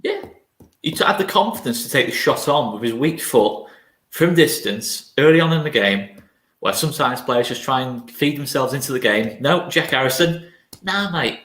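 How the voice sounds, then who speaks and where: A tired man chats casually about football on a fan channel, joking and laid-back with plenty of ums. His voice is bright and forceful. He sounds like he is in an echoey room. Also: mid-range voice, animated, moderate pace. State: tired late at night.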